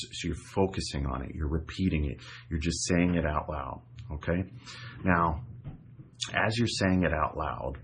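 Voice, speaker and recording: A self-help coach guides viewers through a visualization technique, speaking to camera in a casual, repetitive way. He frequently checks in with "right?" and "okay?" in his deep voice. There's slight background noise.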